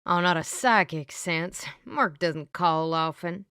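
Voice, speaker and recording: A grumpy older psychic with a twanging Southern accent, as a woman narrator puts him on. He talks gruffly in a lowish, close, dry voice. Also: slow, dry recording. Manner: gruff, then softening.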